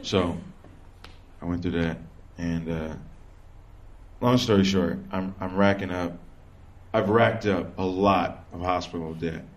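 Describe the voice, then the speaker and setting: Profane young stand-up comic, loose delivery. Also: male voice, deep voice, fairly even intonation, unhurried, pauses often. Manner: loose, conversational, profane storytelling with quoted exchanges. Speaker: stand-up comedian. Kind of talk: stand-up comedy set. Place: small comedy venue with live audience.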